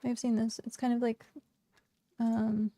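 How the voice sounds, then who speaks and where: Woman streamer just chatting, lots of likes and laughs, fry in her voice, dry close sound. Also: fairly high pitch, flat delivery, a little slow, warm tone, dry recording. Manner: chatty, filler-heavy, laughs often. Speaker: game streamer. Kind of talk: casual livestream chat.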